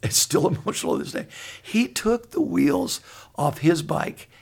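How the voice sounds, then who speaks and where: A man in his sixties, co-host of a Christian talk show, telling stories in an earnest, halting way with many restarts. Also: sits high, sing-song, gravelly, husky. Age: 60s. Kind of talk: conversational storytelling.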